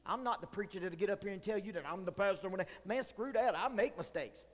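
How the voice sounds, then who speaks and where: A long hall reverb colors this sermon, given in a church hall by a man serving as youth pastor. He speaks quickly in a high register, joking around and staying frank with the young listeners.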